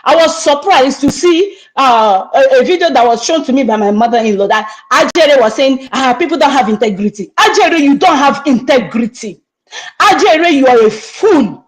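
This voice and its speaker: A middle-aged woman with a Nigerian accent, an online activist, angrily scolds someone during a heated livestream rant, repeating herself. Her high-pitched voice is animated and moderately paced, and the audio quality is poor.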